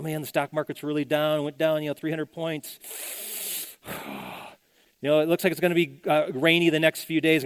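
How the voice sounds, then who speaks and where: In church, a middle-aged senior pastor preaches a conversational sermon in a voice on the high side, recorded dry. He repeats phrases and acts out the voices of the people he quotes.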